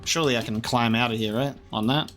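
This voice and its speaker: A gaming streamer gives casual, jokey commentary while playing a video game, chatting away to himself. His mid-range voice is fast and a bit bright, with faint music behind him.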